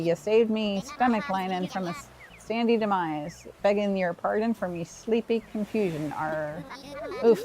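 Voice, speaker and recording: A woman's voice: medium pitch, a little mellow, close to an everyday voice, rough recording. A woman voicing a blustery, pun-loving male seagull who talks like a pirate, growling "arr" as she reads his lines from a game.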